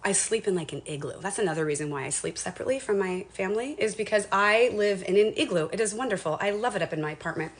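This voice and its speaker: A woman's voice: medium pitch, animated, quick pace, few pauses. A woman in her forties from Washington State, talking in a casual, earnest and emotional way on a motivational livestream, rambling with many restarts. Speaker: lifestyle livestreamer.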